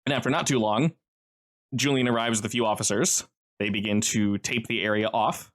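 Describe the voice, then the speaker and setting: A man's voice: fairly low pitch, steady tone, a little fast, a bit bright. A man narrating as game master, casual and loose, with lots of fillers.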